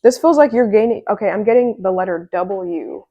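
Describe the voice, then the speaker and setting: A woman giving a casual, excitable tarot reading, chatty and full of fillers. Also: mid-range voice, moderate pace, no echo, lo-fi sound. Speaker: tarot reader.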